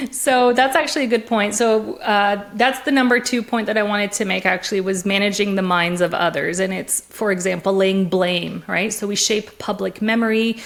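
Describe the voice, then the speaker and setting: A woman guest in a conversational interview, talking in an animated way with frequent laughs and restarts. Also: mid-range voice. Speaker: interview guest, discourse analyst.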